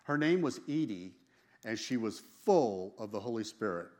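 Animated man telling a testimony. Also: on the low side, normal speed. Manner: animated, emphatic, laughs often; repeats and restarts phrases. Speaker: man sharing a religious testimony. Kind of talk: casual personal testimony storytelling.

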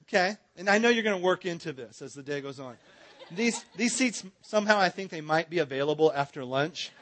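A man's voice: a little high, lively intonation, fairly quick, fairly bright tone, a faint crowd. A man teaching a Bible seminar in a church, joking with and directing his audience.

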